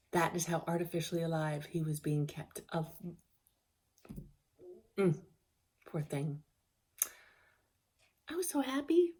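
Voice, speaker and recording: Candid woman with a lowish voice. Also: a little mellow, breathy edge. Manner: candid and emotional, with frequent restarts and trailing phrases. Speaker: vlogger. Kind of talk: casual personal storytelling.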